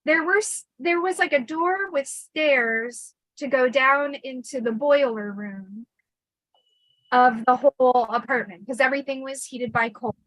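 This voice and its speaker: A woman hosting a casual storytelling livestream, chatty and animated with lots of fillers. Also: high-pitched, a little slow, no room sound, rough recording. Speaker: host.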